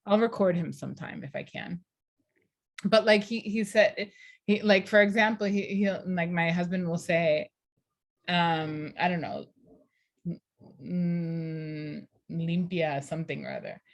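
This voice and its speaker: A woman's voice: lowish voice, a little slow, long pauses. Woman teacher chatting through a class. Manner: conversational, explanatory. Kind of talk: casual class discussion.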